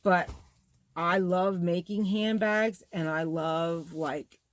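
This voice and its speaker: A middle-aged woman hosting a bag-making vlog, chatting in a rambling, gushing, exclamatory way as she shows off her materials. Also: lowish voice. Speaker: bag-making channel host. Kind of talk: casual show-and-tell vlog.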